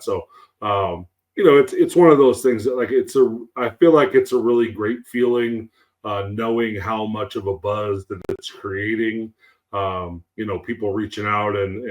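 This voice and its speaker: A man co-hosting a podcast, chatting casually and rambling with lots of fillers. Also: lowish voice. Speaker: podcast co-host.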